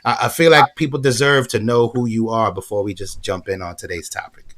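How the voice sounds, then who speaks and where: A man hosting a casual podcast chat, animated and full of praise for his guest, often repeating words as he talks. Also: lowish voice, a little fast, a little hiss or hum. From Florida. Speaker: podcast host.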